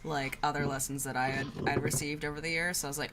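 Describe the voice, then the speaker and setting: A woman's voice: low voice, flat delivery, fast, noisy background. A young woman co-hosting a crafting livestream, chatty and casual as she reads out viewer comments. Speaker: co-host and video editor.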